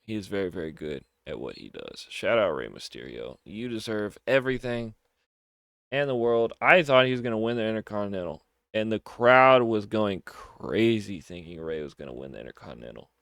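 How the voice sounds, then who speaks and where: A young man with a lowish voice talks through a wrestling show in a loose, excited way, repeating words for emphasis. The sound is close and dry, with no room behind him. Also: moderate pace, creaky, dry recording. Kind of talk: casual solo review.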